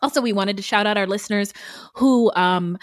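A woman co-hosting a casual true-crime podcast, animated and profane, and she often laughs mid-sentence. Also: medium pitch, a little fast, no echo, clean studio sound. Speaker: podcast co-host.

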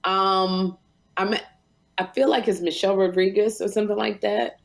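Brief: woman co-host, mid pitch, lively and chatty. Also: normal speed, creaky. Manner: animated, excitable. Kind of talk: casual chat.

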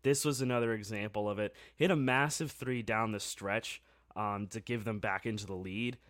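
A man co-hosting a sports podcast, telling a game story in a casual, excitable way with lots of fillers. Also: lowish voice, normal speed, no echo, studio quality.

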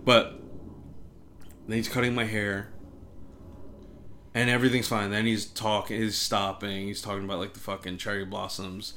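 A man casually telling a story and chatting on a podcast, animated, says "like" constantly and swears a lot. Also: on the low side, moderate pace, long pauses, slight background noise.

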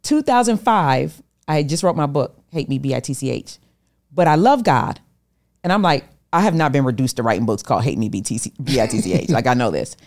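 Low-voiced woman telling a dramatic story. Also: fairly quick. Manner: animated storyteller acting out quoted voices. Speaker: podcast guest. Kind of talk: storytelling interview talk.

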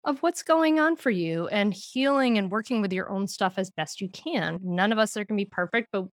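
Brief middle-aged woman, lively storyteller with frequent laughs, dry close mic. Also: medium pitch, normal speed, no room sound. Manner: animated storytelling, laughs often. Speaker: podcast guest, parenting author. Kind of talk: conversational interview.

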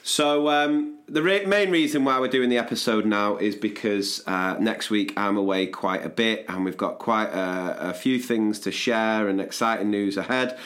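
A man, hosting a podcast in casual chat, chirpy and jokey, sometimes dropping low and soft while recounting. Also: moderate pace, hardly any pauses. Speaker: podcast host.

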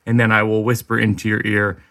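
A man's voice: on the low side, completely flat delivery, a little fast, a bit bright. A man hosting a podcast, chatting casually and spinning absurd comic bits. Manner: jokey, spins absurd bits. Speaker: podcast host. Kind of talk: casual chat.

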